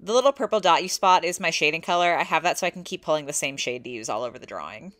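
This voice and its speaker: A young woman narrating her own drawing process in a soft-spoken, candid voice-over. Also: deep voice, animated, rapid-fire, faint music behind. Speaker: artist vlogger.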